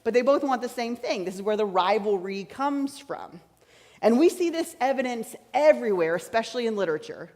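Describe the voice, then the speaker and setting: A woman's voice: a little high, animated, brisk, darkish tone. A woman preaching a teaching-style sermon, chatty and explaining, repeating her key points. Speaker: pastor. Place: large church sanctuary. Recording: church hall reverb.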